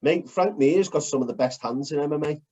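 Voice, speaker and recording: A man co-hosting a casual chat, blunt and animated, swearing as he breaks down fight technique. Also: on the high side, brisk, husky. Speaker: podcast co-host. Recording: dull lo-fi recording.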